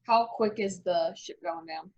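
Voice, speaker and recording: A woman's voice: fairly low pitch, measured pace, darkish tone, lo-fi sound. A woman playing a tabletop game, thinking aloud hesitantly with lots of "like". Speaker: player. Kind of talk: casual chat at a tabletop game.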